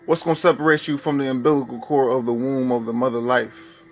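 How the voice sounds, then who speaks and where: A man's voice: medium pitch, level tone, quick pace, a little hiss or hum. A man preaching a spoken-word sermon, firing off fervent rhetorical questions.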